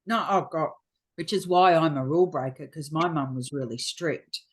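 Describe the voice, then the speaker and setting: A woman's voice: low-pitched, normal speed, breathy edge. A middle-aged Australian woman, a frank, chatty guest telling stories in a casual interview. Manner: frank, chatty storyteller acting out quotes.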